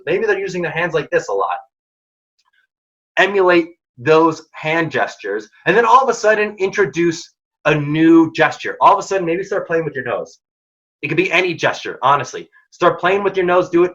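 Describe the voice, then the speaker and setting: A man's voice: on the high side, a bit bright, highs cut off. A man leading a workshop on workplace conflict, speaking directly and energetically, sometimes acting out quoted dialogue. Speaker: workshop presenter. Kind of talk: career advice talk.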